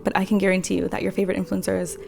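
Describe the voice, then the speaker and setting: A woman's voice: medium pitch, completely flat delivery, racing, creaky, a little mellow, a little hiss or hum. A woman in her twenties, talking earnestly and rambling with many fillers in a casual vlog. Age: 20s. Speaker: vlogger. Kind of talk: casual talk to camera.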